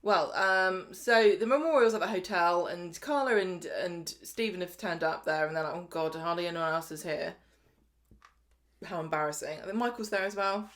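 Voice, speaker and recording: A woman's voice: on the low side, moderate pace, few pauses, a bit bright. A woman co-hosting a podcast, retelling scenes chattily and slipping into voices for the characters. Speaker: podcast co-host. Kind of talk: casual recap chat.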